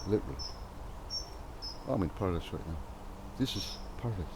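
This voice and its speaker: A man vlogging outdoors, speaking slowly and softly as he muses to the birds around him. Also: low voice, lively intonation, vocal fry, background noise. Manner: slow, soft-spoken musing to birds. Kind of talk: outdoor walking vlog. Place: outdoors in the countryside.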